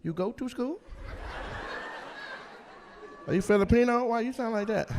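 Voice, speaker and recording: A man doing loud, teasing crowd work as a stand-up comedian on a comedy club stage, with a handheld mic. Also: very high voice, background noise. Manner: loud, teasing, quick-jumping between voices.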